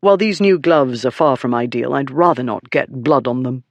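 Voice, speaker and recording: A languid aristocrat speaks in a mild, amiable drawl that hides a threat, as an audiobook narrator puts him on. His lines dip lower and softer than the narration. The recording is dry and close. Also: moderate pace, vocal fry, no room sound, highs cut off, natural voice. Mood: quiet menace. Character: aristocratic duke, lazy and quietly menacing. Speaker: story character.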